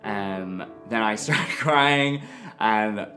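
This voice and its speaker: A man with an Irish accent, telling his own story to camera in a frank, animated way. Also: fairly low pitch, very slow, soft background music. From Ireland. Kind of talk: personal testimony to camera.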